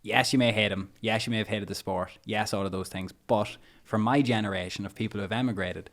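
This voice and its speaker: A man's voice: lowish voice, steady tone, a little fast, fairly bright tone. An Irish man hosting a podcast, asking long, rambling questions in a chatty way. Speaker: podcast host. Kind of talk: casual podcast conversation.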